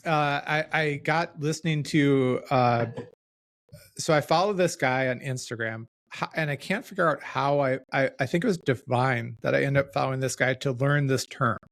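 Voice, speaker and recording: Podcast host: man, gravelly voice, reflective and self-deprecating, casual, dry close sound. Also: mid-range voice, moderate pace, fairly bright tone, dry recording. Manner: reflective, self-deprecating, talks in loose restarts.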